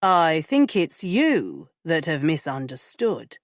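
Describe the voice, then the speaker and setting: A woman's voice: deep voice, sing-song, takes it slowly, dry recording, studio quality, heavily acted. A woman reading an audiobook, voicing a secretive, insistent man who speaks sharply over the phone. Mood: urgent. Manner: sharp and clipped when irritated. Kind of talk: audiobook character voice.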